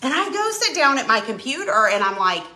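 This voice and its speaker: A woman chatting casually on a live stream while she paints, telling a dramatic, animated story. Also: sits high, fairly quick, roomy sound. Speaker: craft channel host.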